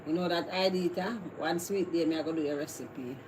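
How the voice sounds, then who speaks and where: A woman's voice: low-pitched, a little fast. Jamaican woman, live stream host, rambling casual chat, noisy background. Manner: chatty, rambling, laughs often. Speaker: livestream host.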